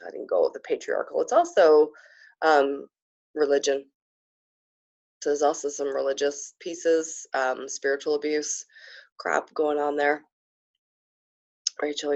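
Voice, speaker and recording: A woman spiritual coach hosting a live program, talking casually and effusively to viewers, with frequent fillers and excited whoops. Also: sits low, muffled recording.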